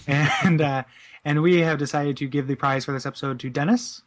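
A man's voice: fairly high pitch, steady tone, moderate pace. A man co-hosting a casual podcast, enthusiastic and stumbling over repeated words. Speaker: podcast co-host.

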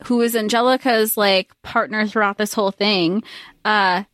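A woman co-hosting a podcast, talking casually about a novel with animated, exasperated reactions. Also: mid-range voice, moderate pace, dry recording. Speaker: podcast co-host. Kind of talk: casual book discussion.

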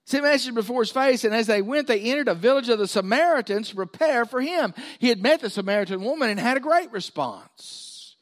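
Lively preacher man, high voice. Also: fairly quick, hardly any pauses. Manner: animated storytelling, acting out voices. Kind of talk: sermon.

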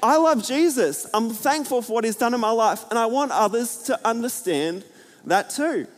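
A man preaching a sermon to a church, chatty and energetic, full of fillers and jokes. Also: very high-pitched, normal speed. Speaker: pastor. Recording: hall reverb.

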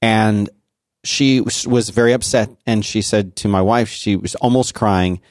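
A man with a lowish voice tells family stories in a relaxed podcast chat, slipping into the voices of the people in them. The sound is close and dry, with no room around it. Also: unhurried, no room sound. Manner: animated storyteller, acts out family voices. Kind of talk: casual chat.

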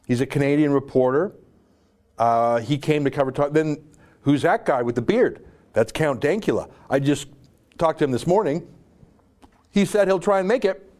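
A male host delivering an opinionated monologue with forceful, emphatic phrasing and rapid asides. His speaking voice sits a little high for a man. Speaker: show host.

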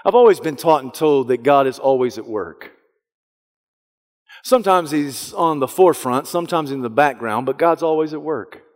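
A male pastor preaching a sermon, retelling a story dramatically, dropping to a hush and then rising loud. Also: a little high, animated, moderate pace. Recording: long hall reverb.

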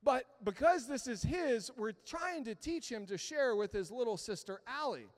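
Man, pastor, high voice, chatty sermon storytelling, calls for responses, long church-hall reverb. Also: animated, normal speed. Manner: conversational storytelling, asks the congregation for responses. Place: church sanctuary.

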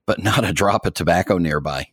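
A deep-voiced American man talks through a casual podcast conversation. He rambles comfortably, with many fillers and small laughs. The sound is dry and close. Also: a little fast, husky, dry recording. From United States. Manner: relaxed and rambling, with frequent fillers and soft laughs. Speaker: podcast host. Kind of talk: casual chat.

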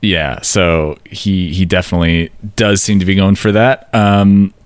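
A man with a fairly low voice talks through song lyrics in a relaxed podcast chat, dry and wry, with fillers and small laughs. The sound is close and dead, with no room around it. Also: a little slow, clear, resonant tone, no echo. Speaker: podcast co-host.

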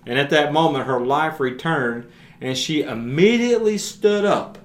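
A man's voice: on the high side, lively intonation, normal speed. Earnest man preaching in an echoey room. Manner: earnest, retells scripture in plain everyday words. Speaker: podcast preacher. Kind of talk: conversational Bible teaching. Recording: roomy echo.

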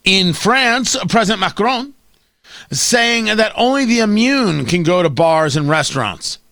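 Animated, sarcastic male radio host. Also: high voice, unhurried, no room sound. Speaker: radio talk show host. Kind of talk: opinionated talk radio monologue.

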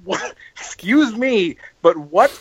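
A man's voice: high-pitched, expressive, slow pace, a little hiss or hum, poor audio. A man co-hosting a podcast, telling stories animatedly with lots of "like" and acted-out quotes. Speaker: podcast co-host. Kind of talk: casual chat.

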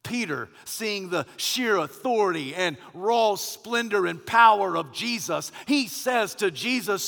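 A pastor preaching a sermon, his voice high for a man and gravelly, with a long reverb trailing behind it in a big room. He swings between ringing, loud declarations and low, hushed lines. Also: lively intonation, unhurried, hardly any pauses.

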